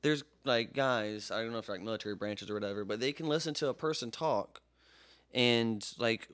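A man's voice: medium pitch, brisk, fairly bright tone. A young man from Jacksonville, Florida, co-hosting a podcast in casual chat, rambling and swearing freely. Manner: profane, rambling storyteller. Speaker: podcast co-host.

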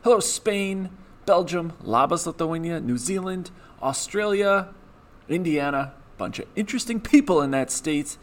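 Hyped-up podcast host, lively pitch. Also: male voice, unhurried. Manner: energetic, playful hype. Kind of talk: sports betting podcast.

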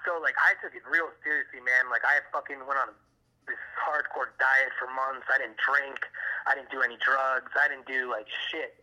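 A man tells his brother a long, winding story over a phone call. His voice is very bright and sharp. He swears freely and leans on fillers as he rambles. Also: mid-range voice, fairly even intonation, moderate pace. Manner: rambling, profane, heavy fillers. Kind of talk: casual chat.

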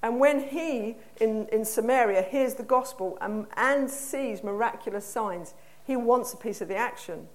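An English woman with a fairly high voice preaches to a congregation. She talks in a conversational, earnest way and keeps asking the room questions. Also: a little slow, few pauses. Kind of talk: sermon. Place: church hall.

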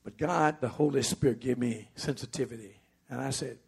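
A man's voice: mid-range voice, normal speed, gravelly, hardly any pauses, a little mellow, husky. A middle-aged man preaching a sermon in a conversational storytelling way, slipping into the voices of the people he tells about.

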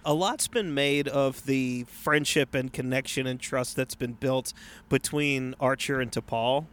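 A man's voice: medium pitch, unhurried, a bit bright. A man co-hosting a casual podcast, chatty and jokey, repeating words as he gathers his thoughts. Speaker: podcast co-host. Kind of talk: casual chat.

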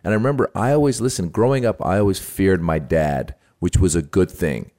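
Very low-voiced man telling stories. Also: brisk. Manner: animated storyteller, acts out quotes. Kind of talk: casual storytelling chat.

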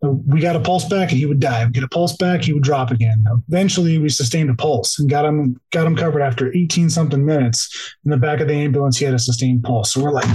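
A man's voice: a little high, fast talker, warm tone, breathy edge, poor audio. A man guest on a podcast telling an emotional first-person story, peppered with "like" and restarts, close to tears at times. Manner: heavy use of "like", restarts, tearful. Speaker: podcast guest, police officer.

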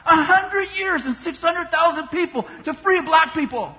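A man's voice: very high voice, lively intonation, normal speed. A man preaching a sermon with passion, often mocking the voices of complainers. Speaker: pastor. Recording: dull sound in a long-reverb hall.

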